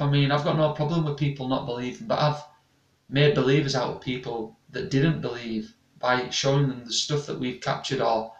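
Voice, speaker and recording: A young man rambles through a casual live chat with his viewers. His voice has a gravelly edge. He sits back from the mic in an echoey room. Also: medium pitch, recorded from a distance. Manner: rambling, chatty, restarts often. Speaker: paranormal investigator and channel host. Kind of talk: casual live-stream chat reading comments.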